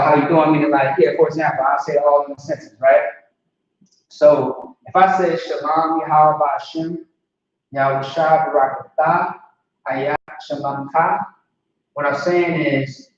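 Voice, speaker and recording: Man teaching in a loud, echoey room. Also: fairly high pitch. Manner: conversational, repeats "see what I'm saying". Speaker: language teacher. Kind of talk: casual spoken lesson. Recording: echoey, distant, dull lo-fi room recording.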